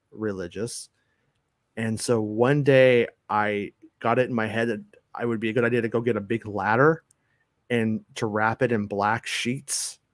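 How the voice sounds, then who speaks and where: A man's voice: medium pitch, dry recording, studio quality. Rambling, foul-mouthed man telling stories. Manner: rambling storyteller, swears freely, many restarts. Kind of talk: casual chat.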